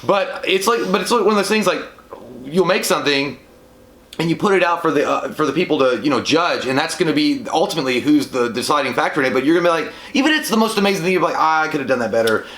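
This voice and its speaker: Fast-talking animated man in an echoey room. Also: fairly high pitch. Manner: animated, swears a lot, jumps into silly shouted impressions. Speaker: co-host. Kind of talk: casual movie chat.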